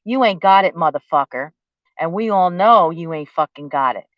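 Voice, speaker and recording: A woman's voice: on the low side, lively intonation, normal speed, no room sound. A woman vlogger delivering an angry, profane, confrontational rant straight at her target, mocking and accusatory. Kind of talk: angry direct-to-camera rant. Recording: dull lo-fi dry audio.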